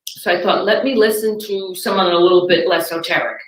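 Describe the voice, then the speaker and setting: A woman doing stand-up, telling her stories in an exasperated, animated way on a comedy club stage. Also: lowish voice, brisk. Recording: roomy, from far off.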